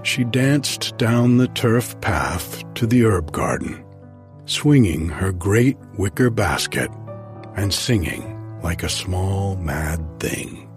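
A man narrating an audiobook in a measured, expressive storytelling manner. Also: low voice, over music.

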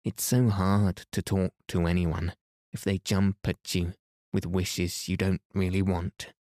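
A man voicing a gentle, polite young girl in a bedtime storybook reading, speaking earnestly and kindly. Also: sits low, flat delivery, unhurried, no echo, studio quality.

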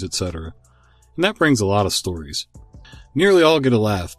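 A man hosting a podcast, reading stories aloud in an expressive, amused way. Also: on the low side, dry recording. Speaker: podcast host and story reader. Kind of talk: story narration.

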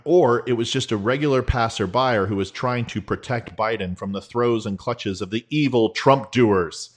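Sarcastic, rambling middle-aged male commentator talking viewers through photos. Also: medium pitch. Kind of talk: casual political commentary over photos.

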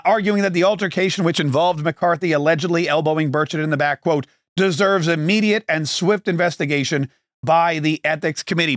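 A man with a high, light voice riffs sarcastically on politics as a podcast host. He rambles and mocks, catching himself mid-thought, recorded close and dry. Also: a bit bright, no room sound. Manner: mocking, rambling, self-correcting.

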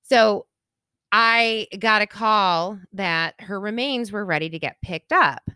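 A woman co-host tells a personal story in casual chat, candid and animated, slipping into acted quotes and laughter. Her voice sits mid-range, recorded close and dry with no room sound. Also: medium pitch, slow, smooth, no echo. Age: adult with children. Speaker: podcast co-host.

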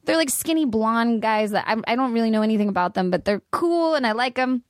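A woman's voice: on the high side, fast, dry recording, studio quality. A young woman chatting casually as a podcast guest, telling a story with lots of acted-out quotes and frequent laughter. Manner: animated storyteller, acts out quotes, laughs often. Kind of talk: casual chat.

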